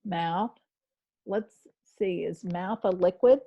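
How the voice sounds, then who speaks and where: A woman teaching a spelling class over a video call. She speaks slowly and gently, with a slightly low voice, encouraging her students and describing each step she takes on screen. The call audio is a bit dull. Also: husky. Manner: patient, encouraging, narrates her screen actions. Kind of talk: online class lesson.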